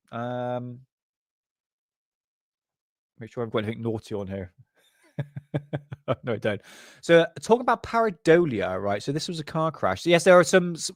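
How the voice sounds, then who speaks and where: A man's voice: medium pitch, no room sound. Crude joking man, dry sound. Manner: crude, joking, laughs often. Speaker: channel host. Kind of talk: casual commentary on paranormal photos.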